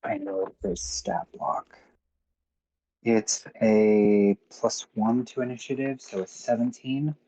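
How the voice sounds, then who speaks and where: A man's voice: on the low side, takes it slowly, dark tone, lo-fi sound. A man running a tabletop game as game master on a live stream, hesitant with frequent ums. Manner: hesitant, with many ums and restarts.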